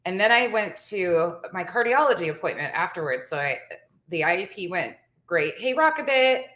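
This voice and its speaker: A woman's voice: lowish voice, moderate pace, fairly bright tone, roomy sound. A woman in her forties telling a story to the camera in a chatty vlog, laughing often as she goes. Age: 40s. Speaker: vlogger. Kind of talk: casual storytelling chat.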